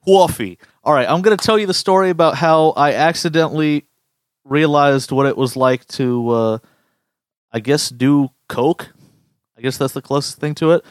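A young man co-hosting a podcast, telling profane, animated stories and acting out goofy quoted voices. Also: on the high side, normal speed, no room sound, studio quality. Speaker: podcast co-host. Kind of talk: casual podcast banter.

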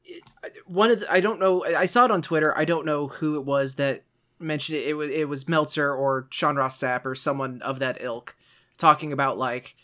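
Male podcast co-host, a touch high-pitched, laid-back and rambling. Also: fairly even intonation, normal speed, sharp tone. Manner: easygoing, rambling, with many fillers. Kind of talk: casual podcast chat.

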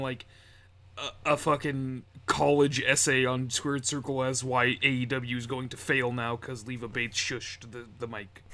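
A man's voice: mid-range voice, bright, forceful tone. A man co-hosting a casual wrestling podcast, rambling and joking with frequent laughs. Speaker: podcast co-host.

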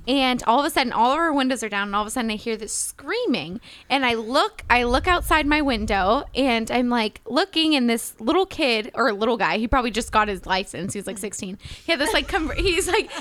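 A woman with a high, bright voice chats casually. She tells stories excitedly, cursing freely and answering quickly. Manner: excitable, swearing, quick reactions. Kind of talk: casual chat.

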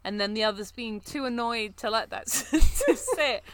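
A woman's voice: fairly high pitch, expressive, normal speed. A woman co-hosting a podcast in casual chat, thoughtful and wry with easy laughs. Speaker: podcast co-host.

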